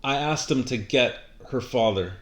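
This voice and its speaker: A man's voice: medium pitch, moderate pace, a crowd in the background. Man telling a ghost story, roomy sound. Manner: animated storyteller, trails off and restarts. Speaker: podcast co-host. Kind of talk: casual chat, storytelling. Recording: roomy echo.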